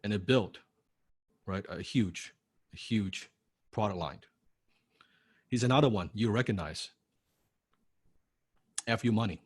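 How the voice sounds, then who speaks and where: This man's voice sits on the low side and has a breathy edge; he speaks unhurriedly, leaving long pauses. As a course instructor in a recorded lecture, he's blunt and punchy, throwing out rhetorical questions, checking "right?" after every point, and occasionally cursing to drive things home.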